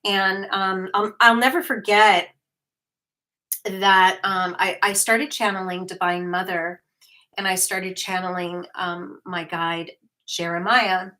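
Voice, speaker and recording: A woman hosting a casual livestream talks slowly, with many pauses and fillers. Her voice is bright and clear and keeps a relaxed, chatty flow. She talks straight to her viewers and reads their comments aloud. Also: mid-range voice. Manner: chatty, with frequent fillers and restarts. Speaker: host, hypnotherapist.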